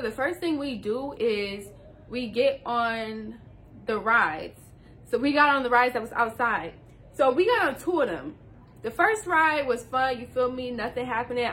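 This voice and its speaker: A woman's voice: fairly high pitch, a bit bright, a little hiss or hum. Slangy young woman telling a storytime. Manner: slangy, addresses viewers directly. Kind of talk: casual storytime.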